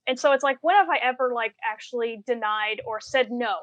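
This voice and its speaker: A woman in casual podcast chat, explaining her point quickly and with emphasis. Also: fairly high pitch, a bit bright, highs cut off.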